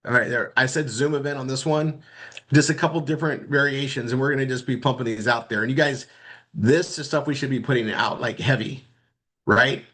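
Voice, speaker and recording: A man teaching marketing in a casual screen-share walkthrough, rambling and halting, often repeating words as he clicks around. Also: medium pitch, sharp tone. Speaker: marketing instructor.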